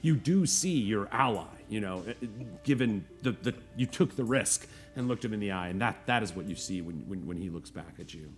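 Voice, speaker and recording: A man with a lowish voice narrates a tabletop game as its game master. He talks in loose, rambling bursts full of fillers and restarts. Soft music plays faintly behind him. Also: animated, brisk, few pauses. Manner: rambling, full of fillers, jumps into high squeaky voices for children.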